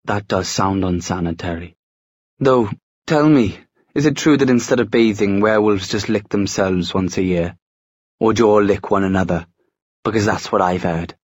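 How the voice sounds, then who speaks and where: A man's voice: on the low side, moderate pace, dry recording, studio quality, natural voice. A man voicing a sarcastic young man who drawls his mocking lines in an audiobook.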